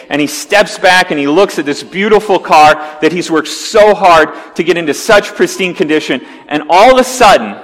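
A man preaching a sermon, telling a vivid story and acting out its scenes with growing intensity. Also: a little high. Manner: animated storyteller, acts out scenes with rising intensity. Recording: long hall reverb.

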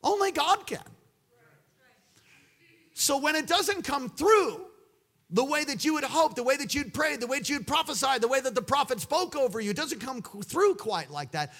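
A man preaching a sermon, swinging between loud exclamations and hushed asides. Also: very high voice.

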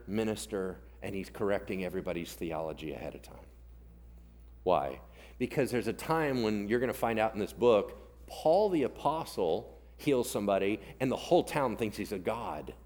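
Male pastor, sermon, lively swinging pitch, casual storytelling, acts out characters, talks straight to the congregation. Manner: animated storytelling, acting out biblical characters in casual modern voices; addresses the congregation directly, asking for agreement.

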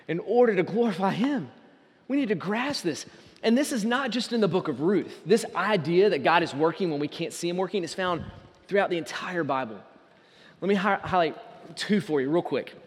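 A man preaching a sermon as pastor, earnest and building to loud emphatic peaks. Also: high-pitched, in a large hall.

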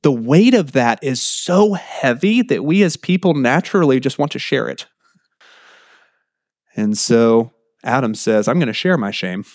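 A man preaching a sermon in a conversational way, his pitch jumping up for emphasis. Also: lively intonation, a little slow, darkish tone, no echo, clean studio sound. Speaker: pastor.

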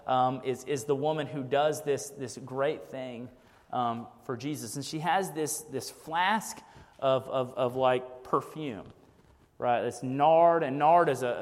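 A man preaching a casual, conversational sermon, peppering his points with "like" and "right?". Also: medium pitch. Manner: casual, frequent "like" and "right?" asides. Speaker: pastor. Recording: long hall reverb.

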